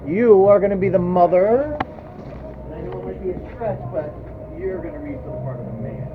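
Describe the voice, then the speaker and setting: A man's voice: high voice, expressive, fairly quick. A man running a comic mock table reading, directing people in a mock-stern, bossy way. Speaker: haunt actor leading a mock audition. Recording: tinny, noisy phone-quality recording.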